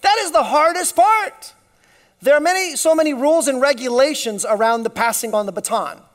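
A man preaching a sermon, retelling a story and dropping his voice to a hush for emphasis. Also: very high voice, a little fast. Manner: storytelling with sudden drops to a hush. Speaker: pastor.

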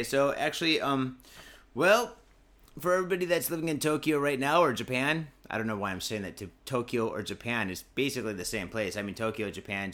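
A man who's been drinking rambles through his podcast in Japan in a mid-range, fairly bright voice. The drunk monologue is rowdy and profane, with "dude" coming up constantly.

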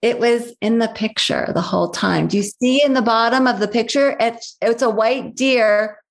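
A woman's slightly high, gravelly voice tells a family story at a moderate pace as an interview guest. She is emphatic, repeating key phrases to drive points home, and she shifts into other people's voices whenever she quotes them.

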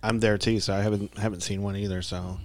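A man's voice: fairly low pitch, little pitch movement, fast. A man hosting a casual chat, speaking in an easygoing, reassuring way.

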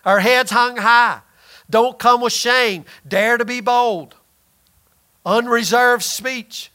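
A man's voice: high-pitched, bright, forceful tone. A man preaching a sermon in a conversational, emphatic way, often acting out quoted voices.

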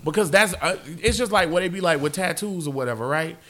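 A man hosting a podcast in casual chat, animated and profane. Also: high-pitched, quick pace. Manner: animated, profane, laughs often. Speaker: podcast host.

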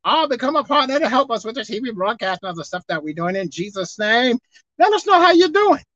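A woman preacher giving a televised sermon, animated and swinging between loud exclaiming and low murmuring. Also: fairly quick, no echo, dull audio.

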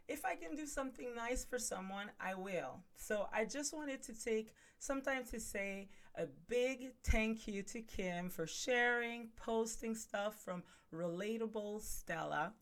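A woman hosting a podcast in casual chat, talking to her viewers as "guys" with plenty of ums and asides. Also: fairly low pitch. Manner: chatty, addresses viewers as guys, many fillers. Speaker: podcast host.

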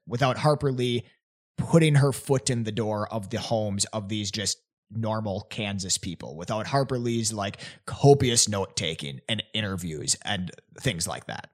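A young man telling a story in casual chat, animated and laughing often, with many "like" fillers. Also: fairly low pitch. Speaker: podcast guest presenting a theory.

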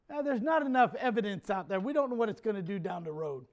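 A high-pitched male pastor preaches a sermon to his church. He's animated, swinging between quiet, jokey asides and loud shouts.

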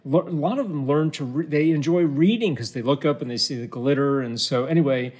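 A man's voice: a little high, a little fast, darkish tone, husky. A man hosting a casual unscripted interview, playful and self-mocking, often breaking into laughter.

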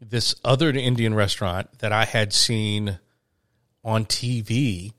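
A man's voice: on the low side, steady tone, takes it slowly, fairly bright tone, no echo, studio quality. Rambling man telling a travel story. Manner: rambling, frequent restarts and fillers. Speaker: podcast host, touring musician. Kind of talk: casual storytelling chat.

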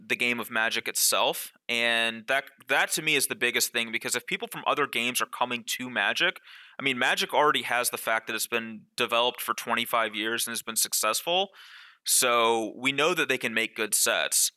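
Super bright clear-voiced guy on a gaming panel, lots of likes and restarts. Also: medium pitch, normal speed. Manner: loose, repeats words, many likes. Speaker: professional card player, panelist. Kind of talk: casual panel chat.

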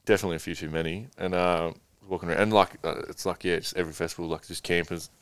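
A man's voice: low-pitched, steady tone, racing, smooth, no room sound. A young man casually telling a long rambling story as a guest, swearing freely.

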